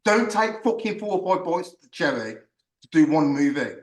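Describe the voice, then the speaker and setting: Guy ranting and cursing on a podcast, kinda high voice, roomy echo. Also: normal speed. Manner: animated, swearing, ranting. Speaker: podcast host. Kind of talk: casual ranting chat. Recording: echoey room, far from mic.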